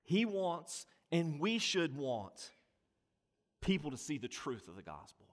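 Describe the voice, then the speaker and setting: A man's voice: a little high, measured pace. A man preaching a sermon, pressing rhetorical questions and building emphasis through repetition. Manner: animated preaching, voice rising and falling with emphasis. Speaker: pastor.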